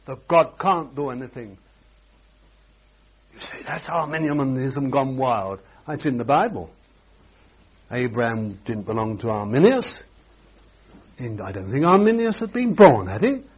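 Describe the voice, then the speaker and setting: A man preaching a sermon, swinging between loud, emphatic exclamations and hushed asides. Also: mid-range voice, lively intonation, measured pace, pauses often, husky. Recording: dull lo-fi sermon recording.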